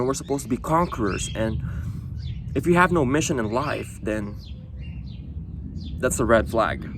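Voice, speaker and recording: A man's voice: mid-range voice, noisy background. A man talking bluntly to the camera in a casual monologue, swearing often and tagging lines with "you know". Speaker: vlogger.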